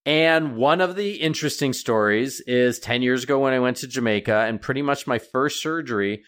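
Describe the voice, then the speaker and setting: A middle-aged man chatting as a radio guest. He tells his stories with animation, his voice leaping higher when he gets excited. His pitch sits in a middle range. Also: brisk, clean tone. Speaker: guest, veterinarian author. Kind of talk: casual radio interview.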